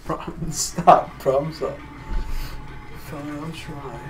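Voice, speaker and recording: A man's voice: fairly high pitch, fairly even intonation, takes it slowly, loud music behind the voice. A man goofing around and teasing his friends while they play a video game. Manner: goofy, teasing, playful. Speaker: gamer playing with friends. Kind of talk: casual let's play chat.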